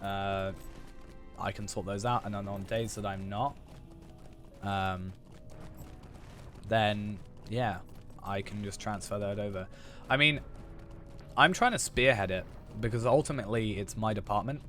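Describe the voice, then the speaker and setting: A young man with a fairly low voice chats loosely while he plays, circling back and correcting himself with plenty of fillers. His voice sounds a little hoarse. Faint music plays behind him. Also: a little slow, long pauses, a bit bright. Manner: rambling, filler-heavy, self-correcting. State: hoarse after losing his voice. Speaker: streamer. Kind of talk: casual chat while gaming.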